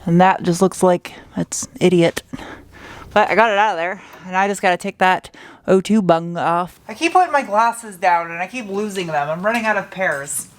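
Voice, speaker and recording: A woman's voice: medium pitch, lively intonation, brisk, slight background noise. A young adult woman casually narrating her truck restoration in a garage, joking and talking to herself as she works. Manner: chatty, joking, talks to herself while working. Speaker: car restoration vlogger.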